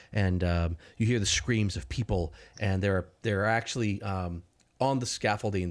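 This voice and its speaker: A man narrating as game master of a tabletop game, rambling with many fillers and restarts. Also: on the low side.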